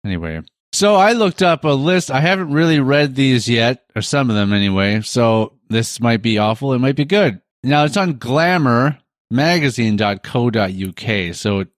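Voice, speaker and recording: A man's voice: medium pitch, expressive, normal speed, no echo, studio quality. A man co-hosting a podcast, rambling and joking in casual chat. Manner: rambling, jokey, reads listener stories aloud. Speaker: podcast co-host.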